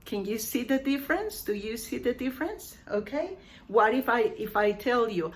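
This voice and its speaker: A woman's voice: fairly high pitch, expressive, moderate pace. A woman English teacher giving a lesson, saying each phrase carefully and repeating it for her learners.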